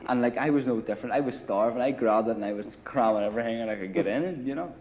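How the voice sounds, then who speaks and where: A man's voice: mid-range voice, quick pace. An older Irish man, a former paramilitary, recounting his past in casual, blunt storytelling full of swearing and "you know". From Ireland. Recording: slightly muffled recording.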